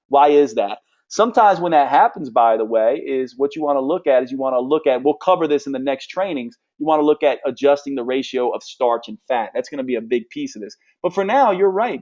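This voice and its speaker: In a muffled recording, a male health coach with a medium-pitched voice leads a live nutrition session. He answers questions forcefully, bluntly, and with strong emphasis.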